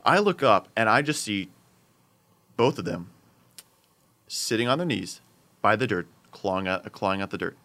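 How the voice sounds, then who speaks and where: Young man, bright edgy tone, animated storyteller in casual chat. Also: fairly low pitch, moderate pace, long pauses. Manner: animated, builds up to loud exclamations.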